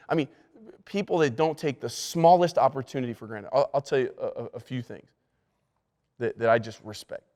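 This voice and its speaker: A male pastor at a middle pitch teaches church staff in an emphatic, conversational way. He stumbles and restarts his sentences and repeats his key words for emphasis. His voice rings out with the long reverb of a church hall. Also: fairly quick, a little mellow. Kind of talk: leadership lesson to church staff.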